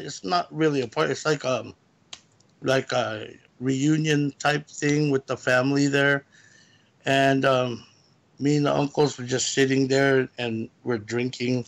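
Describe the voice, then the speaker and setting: A man with a gravelly, creaky voice calls in to tell his story. He rambles and backtracks, in a casual, halting way. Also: medium pitch, steady tone. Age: adult, lived in California. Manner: rambling, halting retelling of a personal encounter. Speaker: guest caller.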